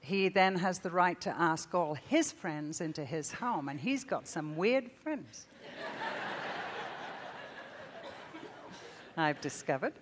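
A woman preacher giving a sermon and reading a story aloud, swelling loud and dropping to a near-whisper. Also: lowish voice, drawn-out words, pauses often, noisy background. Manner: expressive reading, rising loud then dropping to a hush. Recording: long reverb in a large hall.

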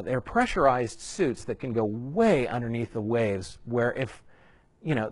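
A man's voice: mid-range voice, a little mellow, no room sound. Guy teaching home group leaders, chatty, reads bible verses out with punch, dead dry room. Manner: conversational, reads scripture aloud with rising emphasis, jokey asides.

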